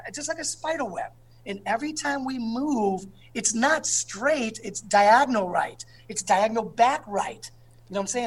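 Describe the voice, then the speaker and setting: A man with a husky, breathy edge to his voice talks as an interview guest. He tells his stories with animated energy. He keeps checking in with the listener. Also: extremely high pitch. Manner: animated, keeps asking "you know what I'm saying". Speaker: guest speaker.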